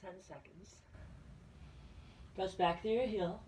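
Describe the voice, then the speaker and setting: A woman fitness instructor leading a guided plank workout, giving calm cues and reminding listeners to breathe. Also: medium pitch, takes it slowly, slight background noise. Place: fitness center room. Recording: echoey room from a distance.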